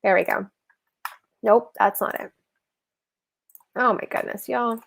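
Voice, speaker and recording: A woman with a slightly high voice and a gravelly, creaky texture, hosting a casual livestream explainer. She talks to her viewers in a chatty way, correcting herself as she goes and calling them y'all. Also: fairly even intonation, slow. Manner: chatty and self-correcting, addresses the audience as y'all. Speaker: host of a live personal-finance session.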